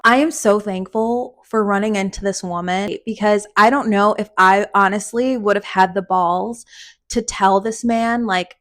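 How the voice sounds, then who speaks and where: A young adult woman hosting a podcast, telling a personal story in a casual, animated way and swearing freely. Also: mid-range voice, unhurried. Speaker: podcast host.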